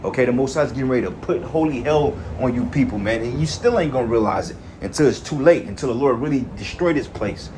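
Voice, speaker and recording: Man, mid-pitched voice, heated preaching, reads verses and rants, faint hiss behind. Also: quick pace, few pauses, a little mellow. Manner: profane, fiery, reads verses then comments. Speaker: street preacher. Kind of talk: angry scripture-reading rant.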